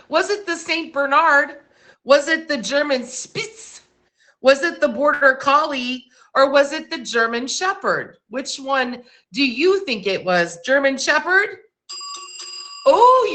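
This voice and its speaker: A woman running a casual trivia quiz on a live stream, posing questions and reading out facts in a chatty way. Her voice is bright and clear and sits a little high, and she takes her time with an unhurried delivery. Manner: chatty, asks quiz questions and reads facts with small slips.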